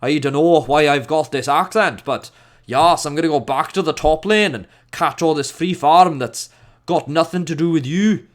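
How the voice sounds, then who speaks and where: A smug, boastful pro gamer crowing over his win, as a man puts him on. He talks in a silly put-on accent. The voice comes out louder and a little higher than a plain speaking voice. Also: moderate pace, natural voice. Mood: gloating.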